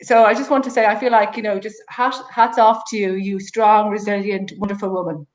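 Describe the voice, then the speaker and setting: A woman joining the conversation, speaking in a warm, admiring way. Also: mid-range voice, steady tone, a little fast. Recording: roomy echo.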